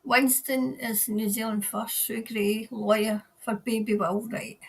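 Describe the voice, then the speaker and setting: A woman's voice: a little high, flat delivery, a little slow, gravelly, breathy edge. Chatty Scottish woman greeting livestream viewers. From Scotland. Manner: chatty, reads comments aloud, greets viewers by name. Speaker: tarot livestream host reading viewer comments. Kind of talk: casual livestream chat. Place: New Zealand.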